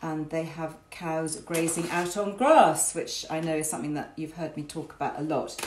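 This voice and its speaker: A woman's voice: deep voice, moderate pace, slight background noise. A woman hosting a home cooking demonstration from her farm kitchen, chatting informally with cheerful asides. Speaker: cooking show host. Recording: roomy kitchen echo.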